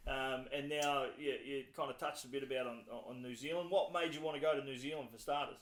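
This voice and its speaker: A man hosting a podcast, asking hesitant, relaxed questions in casual interview chat. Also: mid-range voice, fast, roomy sound. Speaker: podcast host.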